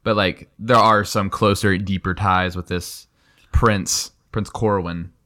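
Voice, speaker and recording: A man's voice: deep voice, steady tone, takes it slowly, bright, forceful tone. A young man co-hosting a podcast, casually retelling a book's scenes and laughing easily as he goes. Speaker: podcast co-host. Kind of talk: casual book discussion.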